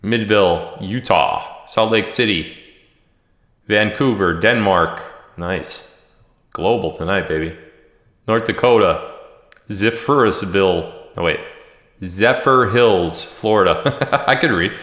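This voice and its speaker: A man with a low, deep voice runs a loose, joking livestream from home, reading out viewers' comments and hometowns. His voice bounces around an echoey room with a long, lingering reverb. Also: slow pace, long pauses. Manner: joking, reads viewer comments and shout-outs aloud. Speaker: livestream host. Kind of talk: casual livestream chat.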